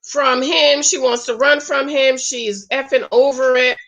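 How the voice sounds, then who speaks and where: A woman's voice: sits high, fairly even intonation, unhurried, hardly any pauses, a bit bright, highs cut off. A woman hosting a casual reality TV recap, chatty and exclamatory, often calling her viewers child and honey.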